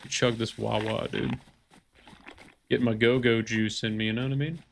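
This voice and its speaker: A man's voice: medium pitch, level tone, moderate pace, vocal fry, a little hiss or hum. A man in his thirties, a game streamer chatting casually on a live stream, rambling and swearing in mock rants. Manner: rambling, profane, mock-ranting.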